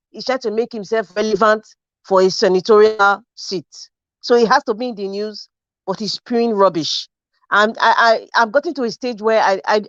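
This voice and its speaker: A woman's voice: medium pitch, dry recording, muffled recording. Emphatic woman debating. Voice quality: emphatic, animated, repeats points for stress. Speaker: panelist. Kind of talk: casual online panel debate.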